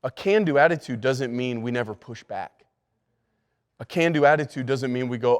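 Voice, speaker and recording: A man's voice: mid-range voice, normal speed. A male pastor giving a leadership lesson to church staff. He talks emphatically, repeats key words and often restarts his sentences. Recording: long hall reverb.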